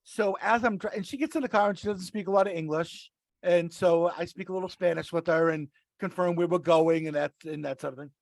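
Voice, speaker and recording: Brief: male podcast regular, raspy high voice, loose storyteller. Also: dry recording. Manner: rambling, restarts mid-sentence. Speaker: podcast regular, rideshare driver. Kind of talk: casual storytelling.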